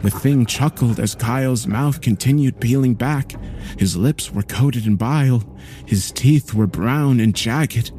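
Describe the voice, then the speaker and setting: A man narrating a horror story in a slow, grave storytelling manner. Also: medium pitch, mellow, a little hiss or hum.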